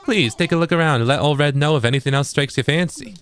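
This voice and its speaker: A man's voice: a little high, lively intonation, fairly bright tone, soft background music. A man putting on a sly, pushy fox merchant. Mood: wheedling salesman. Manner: fast-talking salesman patter, wheedling. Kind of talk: reading game dialogue aloud in character.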